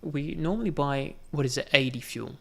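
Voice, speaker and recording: A man's voice: fairly high pitch, normal speed, gravelly. A man giving gameplay commentary, thinking aloud and muttering counts to himself as he plays. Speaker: gaming channel host.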